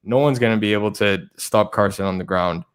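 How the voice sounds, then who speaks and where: A man co-hosting a fantasy football show in casual chat, excitable and often stumbling and repeating words. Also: fairly low pitch, fairly quick, clean tone. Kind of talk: casual sports betting chat.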